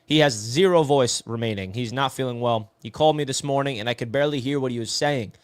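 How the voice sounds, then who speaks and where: A man's voice: mid-range voice, quick pace, clean tone, dry recording. A man hosting a casual live sports talk stream, reading viewer comments and calling people "bro". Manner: chatty, answers viewer comments, says "bro" a lot.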